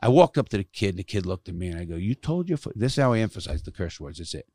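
A man's voice: low voice, lively intonation, rapid-fire, dark tone, slightly rough, dry recording. A middle-aged man telling stories from his life in casual conversation, blunt and emphatic, cursing often to stress his points. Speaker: guest, former prisoner who speaks to youth.

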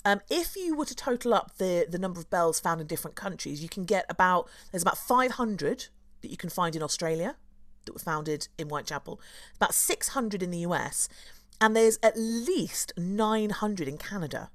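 A woman from London, a tour guide hosting a casual chat, playful and quick to laugh. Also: fairly low pitch, animated, no echo. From London, England. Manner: chatty, playful, laughs often.

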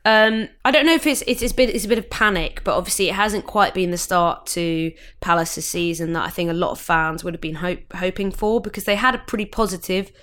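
A woman's voice: lowish voice, a little fast, hardly any pauses, a bit bright. A young woman co-hosting a football podcast, chatting casually with frequent restarts. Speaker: podcast co-host.

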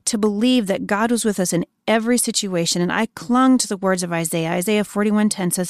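A woman in her thirties giving an earnest devotional sermon, softly emphatic and slowing down when she quotes scripture. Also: medium pitch, dry recording. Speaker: Christian speaker.

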